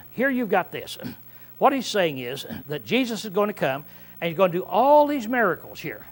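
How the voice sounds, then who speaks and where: Man preaching kinda casual bible study, highish voice, keeps saying see? and clearing his throat. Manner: frequent "see?" tag questions, clears throat often; repetitive, restarts mid-phrase. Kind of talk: conversational Bible-study sermon.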